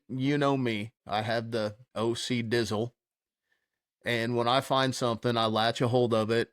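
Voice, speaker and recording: A man telling a wild story in casual chat, animated, laughing and swearing freely. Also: medium pitch, clean tone, dry recording, clean studio sound. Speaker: podcast co-host.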